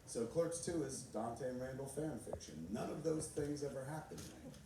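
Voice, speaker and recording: A man's voice: medium pitch, moderate pace. Profane rambling man in an echoey hall. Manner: loose, rambling, swears constantly, laughs often. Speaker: filmmaker speaking on stage. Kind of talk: profane live storytelling to an audience. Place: large theater. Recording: echoey hall from far off with noise.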